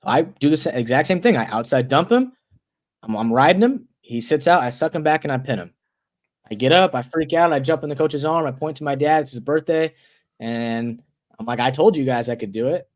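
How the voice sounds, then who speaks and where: A young man in his twenties, a guest on an interview show, telling a story in a loose, animated way, restarting words and leaning on "like". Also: mid-range voice, brisk. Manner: animated storyteller, acts out quoted voices.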